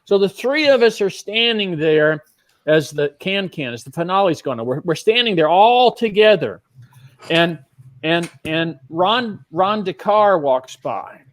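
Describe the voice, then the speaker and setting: A middle-aged man with a high voice tells a backstage story. He is animated and acts out what the others said. He sounds like a guest magician recounting a show. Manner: animated storyteller acting out other people's lines. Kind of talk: telling a backstage anecdote.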